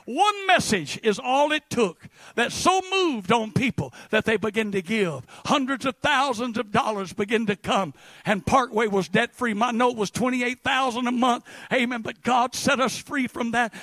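A middle-aged man preaching a fervent Pentecostal sermon that rises to shouts. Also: very high voice, normal speed, no room sound. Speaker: pastor.

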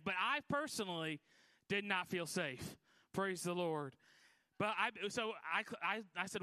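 Guest-preaching at a Pentecostal church, this middle-aged Michigan man shares a folksy story at his own expense, restarting often. He sounds high-pitched, animated and forceful with a bright tone, a little slow, on a dry recording.

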